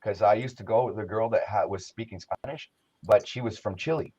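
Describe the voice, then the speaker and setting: A man's voice: lowish voice, fairly quick, a little mellow, slightly rough, dull audio. A man from Quebec with a Québécois French-Canadian accent, chatting casually in a blunt, slangy way and slipping into French. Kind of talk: casual chat.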